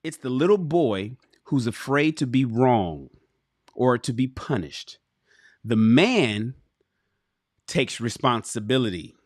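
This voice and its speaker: This livestream host, a man of medium pitch, takes things slowly as he reads a relationship book aloud. Studio-quality audio with no room sound catches his blunt, cursing, emphatic digressions addressed right to chat.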